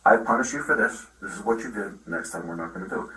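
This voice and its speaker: A middle-aged father telling the police a long, halting account with many restarts, recorded on a body camera. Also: on the low side, pushed and bright. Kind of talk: recounting events in a conversation. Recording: roomy, from far off the mic.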